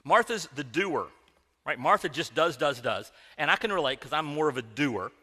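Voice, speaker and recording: A man's voice: a little high, animated, normal speed, bright, forceful tone, breathy edge, big-room sound. A man preaching in a conversational, joking style, speaking directly to his congregation in a church sanctuary. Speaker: pastor. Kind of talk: sermon.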